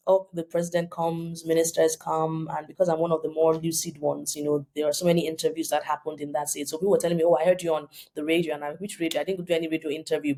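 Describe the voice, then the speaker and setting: Woman, Nigerian accent, podcast guest, animated storyteller, gravelly, warm-toned. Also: sits low. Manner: animated, acts out quoted voices. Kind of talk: storytelling in an interview.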